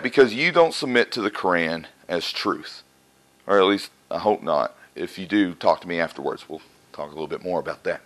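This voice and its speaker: A man's voice: medium pitch, a bit bright, low-quality recording. A man preaching a conversational sermon to a live congregation in a church, often asking questions and answering them himself.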